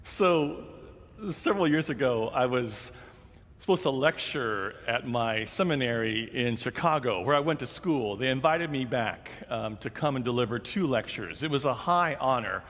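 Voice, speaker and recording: A man's voice: medium pitch, normal speed. Man telling a story in a long-reverb hall. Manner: conversational, animated storytelling with acted quotes. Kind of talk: sermon storytelling.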